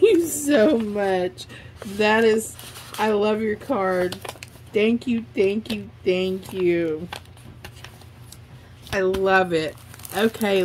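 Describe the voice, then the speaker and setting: Woman, craft vlog host, gushing, unhurried, faint background hiss. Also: medium pitch. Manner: gushing, effusive. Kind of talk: casual unboxing chat.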